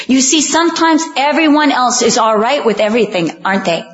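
A woman preaching a sermon, earnest and emphatic, slowing down on key lines and acting out the voices she quotes. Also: high-pitched, lively intonation, dull audio.

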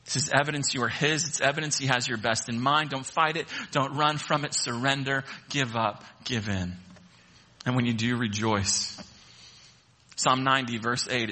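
A man preaching a sermon, animated and acting out the voices of the people in the story. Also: a little high, normal speed. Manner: animated, acts out voices of the sailors. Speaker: pastor.

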